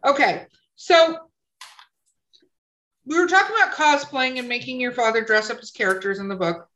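A woman's voice: sits high, moderate pace, long pauses, sharp tone, reverberant, soft background music, poor audio. A woman hosting a podcast who talks in a gushing, chatty way with lots of fillers. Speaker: podcast host. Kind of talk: casual interview chat.

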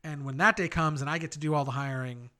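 Young guy, bright punchy voice, just chatting and telling set stories, lots of little asides. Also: fairly high pitch. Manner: storytelling, quick asides, self-deprecating laughs. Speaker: podcast co-host, film visual effects worker. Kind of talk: casual chat.

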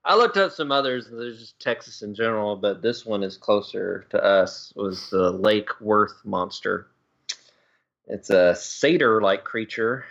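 A man co-hosts a relaxed geek podcast, cracking jokes and laughing between lines. His voice sits low. The recording is dull and lo-fi. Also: measured pace, vocal fry. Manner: jokey, laughs often, does mock voices. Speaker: podcast co-host. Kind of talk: casual chat. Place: home in Dallas area.

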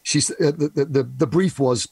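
A man, a musician with Italian parents, chatting and telling animated stories. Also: medium pitch, moderate pace, vocal fry, slightly rough, no room sound. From Britain, to Italian parents. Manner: animated storyteller, acts out family voices. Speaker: musician and singer. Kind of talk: casual chat.

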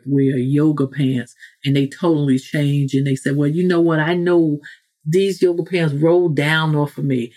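A woman hosts a motivational podcast monologue, speaking straight to the listener in a preachy manner. Her voice is fairly low and a little mellow, and she often breaks off with self-corrections and asides.

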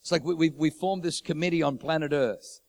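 A man's voice: a little high, a little fast, creaky. A man preaching a sermon, repeating his phrases for emphasis and building urgency.

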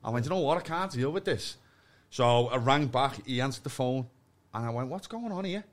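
A man's voice: medium pitch, expressive, a little fast. A man, a podcast guest telling a story in blunt, sweary casual chat and acting out both sides of phone arguments.

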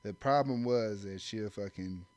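A man's voice: lowish voice, a little slow, a little mellow, no room sound. A young man in casual chat, telling a loose, slangy story with plenty of profanity. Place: indoor room.

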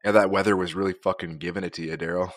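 A man co-hosting a comedic podcast, teasing with deadpan, low-key quips. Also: racing, no room sound. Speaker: podcast co-host. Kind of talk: casual comedic podcast chat.

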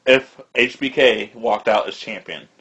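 A man's voice: fairly low pitch, unhurried, a bit bright, slightly rough. A man co-hosting a casual podcast, opinionated and arguing his points. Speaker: podcast co-host. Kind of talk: casual chat. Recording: slightly dull lo-fi sound.

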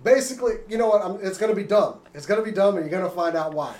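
A man's voice: sits high, rapid-fire, a little mellow. Rambling, jokey male podcast host. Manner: rambling, jokey, self-interrupting. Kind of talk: casual chat.

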